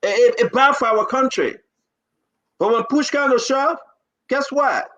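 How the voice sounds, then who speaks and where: A man's voice: very high voice, unhurried, bright, forceful tone, muffled recording. A man with a Liberian English accent, hosting a live talk show and pleading his case with passion and repetition.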